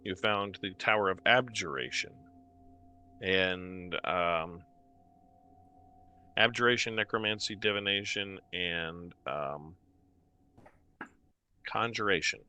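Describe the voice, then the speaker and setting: A man running a tabletop game as game master. He narrates the scene haltingly and trails off with fillers. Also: low-pitched, sharp tone, smooth.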